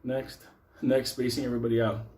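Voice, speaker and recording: A man's voice: medium pitch, little pitch movement, a little fast, a little mellow. A man telling a story to a live audience, swearing constantly and laughing as he goes.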